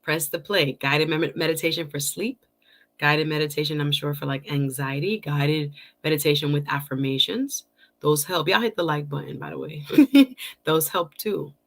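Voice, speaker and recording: A middle-aged woman hosting a casual livestream, chatting warmly with viewers, greeting them by name and laughing often. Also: sits low, steady tone, moderate pace, vocal fry. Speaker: livestream host.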